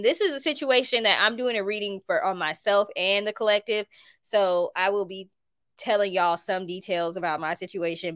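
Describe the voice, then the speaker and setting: A woman's voice: a little high, a bit bright, no echo. A woman with a Southern US accent giving a tarot reading to viewers, talking emphatically and repeating her points. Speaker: tarot reader.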